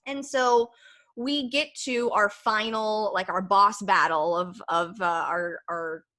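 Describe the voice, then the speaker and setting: A woman's voice: mid-range voice, steady tone, takes it slowly, sharp tone. A young woman hosting a podcast, telling a candid, rambling story in casual chat with lots of fillers. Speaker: podcast host.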